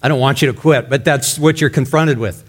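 A male pastor preaching a sermon emphatically, his voice rising loud and dropping to a hush. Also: medium pitch, brisk, husky. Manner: emphatic, swinging between loud and hushed.

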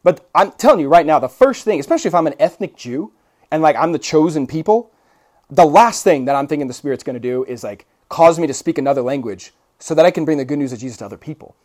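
A man's voice: a little high, lively intonation, fast talker, a little mellow. A man preaching a conversational sermon, telling stories with asides and rhetorical questions. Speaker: pastor.

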